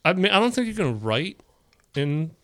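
A man with a fairly high voice co-hosts a casual podcast. He reads conspiracy claims aloud, then breaks off to add dry asides of his own. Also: sing-song, moderate pace. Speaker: podcast co-host reading conspiracy stories.

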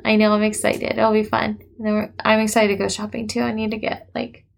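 A woman's voice: mid-range voice, monotone, fast, gravelly. A woman in her thirties hosting a casual chat, chatty and laughing often as she acts out what her family says. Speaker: podcast host, mother of three.

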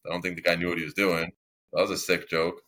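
A man's voice: low-pitched, flat delivery, fast, a bit bright. A young man telling his story as a podcast guest, rambling and filling his talk with "like". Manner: rambling, heavy use of "like", long-winded. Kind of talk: casual storytelling in an interview.

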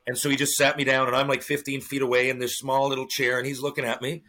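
A man, a former hockey player, telling profane, animated stories in a casual podcast interview. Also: medium pitch, fast. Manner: profane, animated storytelling with acted-out quotes.

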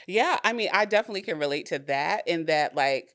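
A woman in casual podcast conversation, an expressive storyteller who laughs often and jumps up in pitch when telling stories. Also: a little fast.

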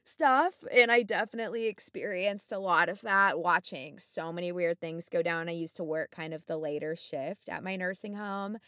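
Bright, animated woman telling a story. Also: on the low side, moderate pace, few pauses, clear, resonant tone, dry recording, clean studio sound. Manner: animated, many fillers, acts out quotes. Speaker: podcast co-host. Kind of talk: casual storytelling chat.

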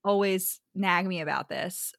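A woman's voice: fairly low pitch, unhurried, vocal fry, a bit bright, no echo, studio quality. A young woman in her twenties co-hosting a podcast, chatting casually with lots of "like" and frequent laughs. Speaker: podcast co-host. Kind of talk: casual chat.

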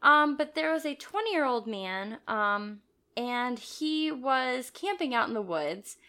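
A woman's voice: high voice, lively intonation, slow pace, pushed and bright. A woman co-hosting a casual podcast chat, recounting stories with frequent small laughs. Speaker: podcast co-host.

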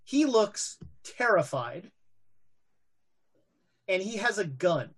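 A woman's voice: medium pitch, very animated, slow, husky. A woman narrating a tabletop game as game master, hesitant and full of fillers.

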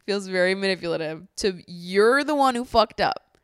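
A young woman vlogging a reality-show recap in casual chat, blunt and exasperated, swearing freely and talking in fast bursts. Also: medium pitch, animated, clean tone, no echo, clean studio sound.

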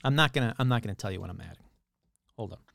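A man's voice: on the low side, expressive, rapid-fire, gravelly, a bit bright, dry recording. A man hosting a paranormal show, reading AI-written scripts aloud and commenting wryly as he goes. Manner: wry, self-interrupting, amused.

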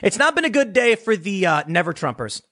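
A man's voice: sits high, big pitch swings, fairly quick, a bit bright. A man ranting as a political commentator, sarcastic, dismissive and blunt. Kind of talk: casual opinion rant.

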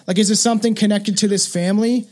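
A man's voice: high voice, fairly even intonation, fast talker, a little mellow. A man hosting a podcast, rambling casually with lots of fillers and swearing. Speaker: podcast host. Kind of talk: casual chat.

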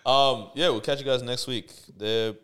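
A man's voice: medium pitch, moderate pace. A young man co-hosting a podcast, telling school stories in casual chat and laughing hard. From Australia. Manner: animated storyteller, laughs hard. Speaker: podcast co-host.

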